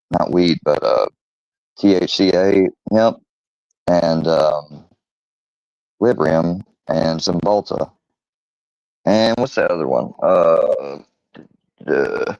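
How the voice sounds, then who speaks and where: A man hosting his own channel, rambling defensively with many fillers and pauses as he rants casually. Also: sits low, darkish tone, no echo. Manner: rambling, halting, full of fillers; defensive, irritated. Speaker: channel host. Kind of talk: rambling casual vlog rant. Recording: dull lo-fi close recording.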